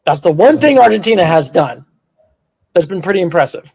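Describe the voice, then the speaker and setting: A man co-hosting a casual sports podcast, animated and prone to bursts of mock outrage. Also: high voice, brisk. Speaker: podcast co-host.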